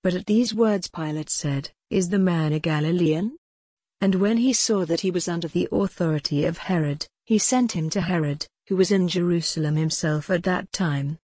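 A woman reads a Bible passage in a steady, measured delivery. Her voice sits a little low, with a mellow, slightly breathy tone. The sound is dry and close. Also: no room sound. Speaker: scripture reader. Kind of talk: scripted Bible reading.

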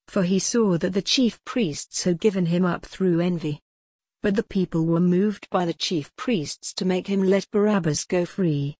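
A woman giving a measured, deliberate reading of scripture aloud. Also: on the low side, darkish tone, husky, no echo, studio quality.

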